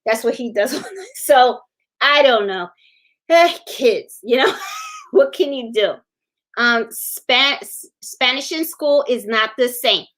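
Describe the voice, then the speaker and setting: A woman's voice: fairly high pitch, expressive, takes it slowly, fairly bright tone. A middle-aged woman hosting a live sewing stream, chatting in a rambling way, laughing often and answering viewer comments. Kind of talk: casual livestream chat.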